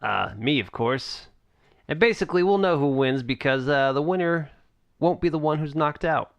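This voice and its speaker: Smug bandit boss, slow sly haggler, voiced by a man. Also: a little high, dry recording, dull audio, pitched above the performer's own voice, lightly acted. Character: greedy, smug male gang boss haggling.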